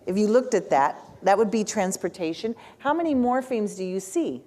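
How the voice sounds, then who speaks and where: Animated woman lecturing teachers. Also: mid-range voice, moderate pace. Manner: animated, asks the audience questions, frequent "right?"; speaks as the learner in first person. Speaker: lecturer on spelling instruction. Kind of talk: workshop lecture.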